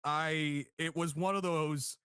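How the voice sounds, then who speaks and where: A man co-hosting a casual podcast review, laughing often and acting out quotes in higher voices. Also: steady tone, takes it slowly, pushed and bright, clear, resonant tone, dry recording, studio quality. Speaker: podcast co-host.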